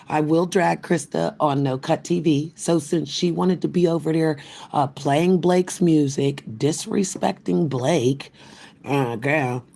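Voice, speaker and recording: Casting: older woman streamer, raspy, gravelly, swears a lot and rambles. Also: deep voice, mellow. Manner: profane, trash-talking, loose and rambling. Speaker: livestream host. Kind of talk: ranting live stream chat.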